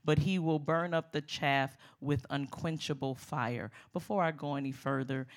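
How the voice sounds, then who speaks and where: A middle-aged woman preaching a sermon as a guest speaker, lively and emphatic, calling out to the congregation. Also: low voice, normal speed.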